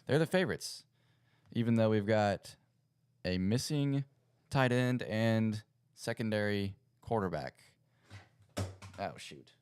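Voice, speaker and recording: Young male host with a low, resonant voice, chatty and self-correcting on a home livestream. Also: lively intonation, takes it slowly, pauses often, a little mellow, clear, resonant tone. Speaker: podcast host. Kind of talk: casual livestream chat. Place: home setup at a computer.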